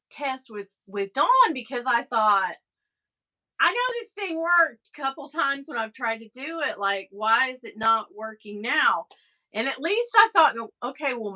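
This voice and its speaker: A middle-aged woman hosting a casual livestream, talking straight to her viewers in a rambling, exasperated way. Her voice sits high and sounds bright. She takes her time, with an unhurried pace. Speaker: livestream host.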